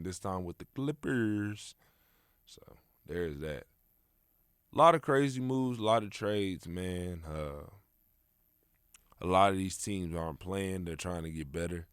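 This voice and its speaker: Laid-back deep-voiced man podcasting solo. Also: a bit bright, clean tone, dry recording, studio quality. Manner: laid-back, slangy, rambling with many fillers. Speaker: podcast host. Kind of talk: casual solo podcast chat.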